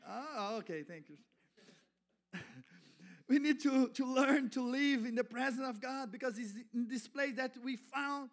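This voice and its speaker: Slow, high-voiced man preaching a sermon. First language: not English. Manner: halting, self-correcting, builds to fervent shouting. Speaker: guest preacher.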